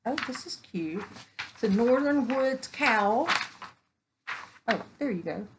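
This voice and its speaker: A woman's voice: fairly high pitch, expressive, takes it slowly, background noise. A woman, chatting casually while unboxing crafts at home, gushing and exclaiming over each find. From Texas. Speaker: vlogger. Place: home indoors, evening.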